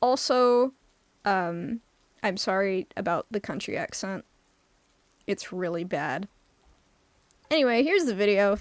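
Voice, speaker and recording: A woman's voice: mid-range voice, expressive, slow, long pauses, no room sound, faint music behind. A woman casually commenting while she plays a story game, laughing often and swearing freely. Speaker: gamer reading a visual novel aloud. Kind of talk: casual let's-play commentary.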